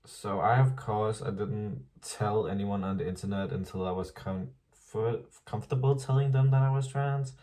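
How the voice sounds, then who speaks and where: A man's voice: fairly low pitch, moderate pace, hardly any pauses, mellow, recorded from a distance. A man around twenty talking frankly in a casual diary vlog, swearing freely and laughing often. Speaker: vlogger.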